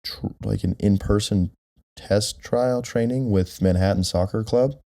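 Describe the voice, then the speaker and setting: A young man co-hosting a home podcast, his voice very low and gravelly with a dark tone. He rambles with plenty of fillers and pokes fun at himself. He sits close on a directional mic. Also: measured pace, dry recording. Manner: rambling, self-deprecating, many fillers. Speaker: podcast co-host. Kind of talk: casual chat.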